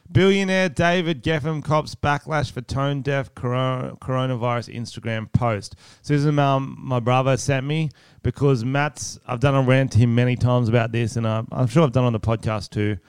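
A man co-hosts a podcast, chatting casually and ranting bluntly with plenty of swearing. His medium-pitched voice is clear and resonant, with fairly even intonation and a normal speed. The recording is dry and studio quality.

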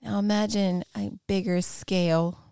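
A woman's voice: mid-range voice, steady tone, unhurried, warm tone, clear, resonant tone, no echo, clean studio sound. A woman playing a tabletop role-playing game, asking questions in character in a playful, teasing way. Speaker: player.

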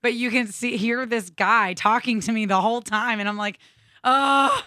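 A woman's voice: fairly high pitch, fairly even intonation, fairly quick, sharp tone, dry recording, studio quality. A woman from a show team telling a playful story in casual banter, laughing as she goes.

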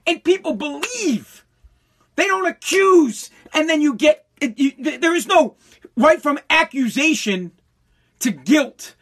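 A man with a high, strained voice ranting angrily about politics. He swears freely and trips over his own words as he gets worked up, sometimes breaking into shouts. The delivery is loose and fired-up rather than scripted. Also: animated, slow pace. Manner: heated, profane, bursts into shouting; stumbling restarts when worked up. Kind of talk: angry political rant.

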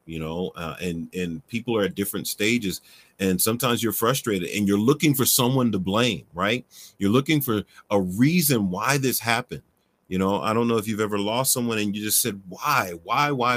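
A man hosting a faith-based livestream, answering viewer questions in a conversational way with frequent "right?" and fillers. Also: lowish voice. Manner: conversational, asks "right?" often, many fillers.

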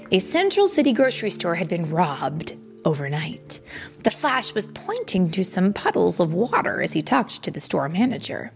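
Mom reading a storybook aloud, slow and lively. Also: female voice, mid-range voice. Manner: gentle, playful, talks to her child. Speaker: mother reading to her child.

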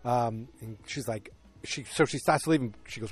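A man's voice: mid-range voice, normal speed, vocal fry, breathy edge. A man in his forties casually recapping a TV episode, with lots of fillers and opinionated asides.

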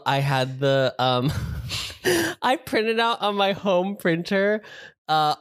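A young woman with a notably low voice, chatting on a podcast. Her pitch moves around a lot as she rambles through her stories with many fillers. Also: dry recording, clean studio sound. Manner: chatty, lots of filler words. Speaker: podcast co-host. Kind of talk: casual chat among friends.

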